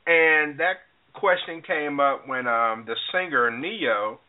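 Talk radio host, tinny sound. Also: male voice, fairly high pitch, slow. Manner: lively, lecturing asides.

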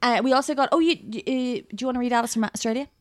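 A woman's voice: fairly high pitch, very fast, a crowd in the background. A woman co-hosting a podcast in a jokey, playful chat. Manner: jokey, playful, fond of silly voices. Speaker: podcast co-host. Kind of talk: casual chat.

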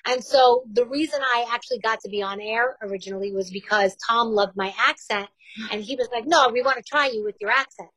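A woman with a New York accent, a longtime radio host, chats openly about her career. Her voice sits fairly high and sounds dry and close to the mic. She speaks frankly and laughs often. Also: fairly quick, a bit bright, no room sound, rough recording. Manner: candid, chatty, laughs easily. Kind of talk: casual interview chat.

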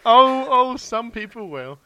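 Giggly English man with lively pitch. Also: unhurried, a crowd in the background. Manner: giggly, jokey, trails off mid-sentence. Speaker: podcast co-host. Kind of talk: casual chat. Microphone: video call.

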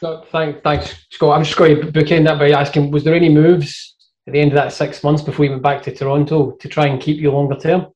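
A man co-hosting an interview, briskly asking a closing question. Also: on the high side, level tone, a little mellow. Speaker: podcast co-host.

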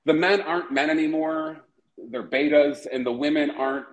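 A man's voice: on the high side, moderate pace, reverberant, low-quality recording. A man hosting a podcast in casual chat, profane and rambling, often breaking into laughter. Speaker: podcast host.

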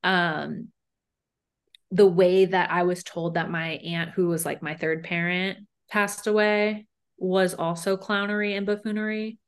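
A woman's voice: fairly low pitch, level tone, measured pace, smooth. A young woman co-hosting a podcast, telling personal stories candidly and emphatically. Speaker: podcast co-host. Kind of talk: casual chat.

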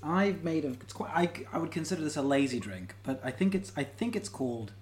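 A man's voice: fairly high pitch, expressive, a little fast, a crowd in the background. A man, co-hosting a casual chat and joking around. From New Zealand. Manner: playful, jokey, slips into silly bits. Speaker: podcast co-host.

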